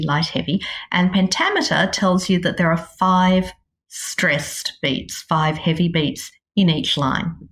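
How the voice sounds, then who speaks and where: A woman with an Australian accent, teaching Shakespeare's verse in a clear, measured way and tapping out the rhythm as she speaks. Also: lowish voice. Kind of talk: scripted instructional explanation.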